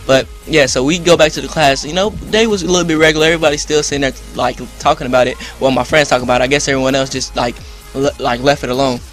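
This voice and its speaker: A young man rambling excitedly through a story to his viewers, full of slang and fillers. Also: mid-range voice, fast. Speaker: vlogger. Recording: music in background.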